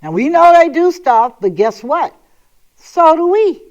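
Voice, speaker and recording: A woman's voice: very high-pitched, big pitch swings, unhurried, a little mellow, highs cut off. A woman hosting a talk show, speaking in an emphatic, sassy and sometimes sarcastic monologue. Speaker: host.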